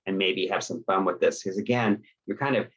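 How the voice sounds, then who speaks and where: A man's voice: deep voice, a little fast, a bit bright, husky. A middle-aged man presenting an instructional webinar in a conversational way, often checking in with "okay?" and acting out example conversations. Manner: conversational, checks in with "okay?" and acts out sample dialogues. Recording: dull lo-fi webinar audio.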